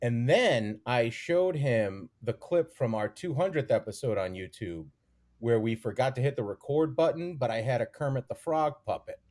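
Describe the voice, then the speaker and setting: A man's voice: medium pitch, lively intonation, normal speed, darkish tone. A man co-hosting a comedy podcast, telling a story and teasing his guest. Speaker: co-host. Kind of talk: casual comedy podcast chat.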